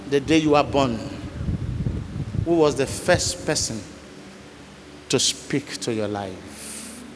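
A man preaching a sermon as a deliverance minister, telling a story dramatically and swinging from low murmurs to forceful cries. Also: animated, slow, noisy background. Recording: echoey hall with faint music.

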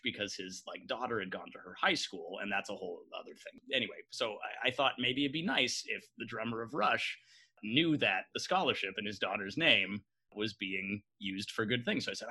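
A man from Canada with a bright, forward voice and a husky edge. He co-hosts a relaxed chat and tells lively, animated stories, often laughing as he goes. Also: on the low side. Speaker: podcast co-host. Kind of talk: casual chat.

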